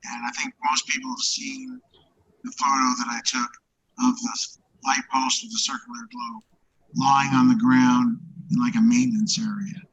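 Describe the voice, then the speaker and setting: A middle-aged man tells a long story in halting bursts, often dropping into a whisper. His voice is gravelly and husky and swings lively in pitch. His mic adds a distorted, robotic edge. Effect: distorted robotic mic sound. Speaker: guest treasure hunter. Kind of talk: casual storytelling on a live stream.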